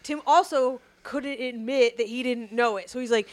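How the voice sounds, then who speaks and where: A woman co-hosting a comedy podcast, firing back quick, sarcastic comebacks in casual banter. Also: on the high side, darkish tone, no echo. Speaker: podcast co-host.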